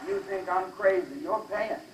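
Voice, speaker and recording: High-voiced older comedian in a big hall. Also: male voice, moderate pace, heavy background noise. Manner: brash, teasing the audience. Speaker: stand-up comedian. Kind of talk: stand-up joke telling. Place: large live venue. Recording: echoey live hall from far off.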